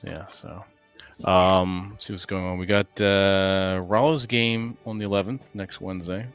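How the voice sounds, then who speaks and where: Male livestream host, low pitch, relaxed profane banter. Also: unhurried, smooth, faint music behind. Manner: loose, swearing, laughing often. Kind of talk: casual chat.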